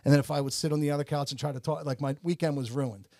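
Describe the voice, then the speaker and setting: A man's voice: on the high side, fairly even intonation, racing, darkish tone, no room sound. Rambling man telling a story, dry sound. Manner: rambling, self-interrupting, many restarts and "like"s. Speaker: podcast co-host. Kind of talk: casual storytelling chat.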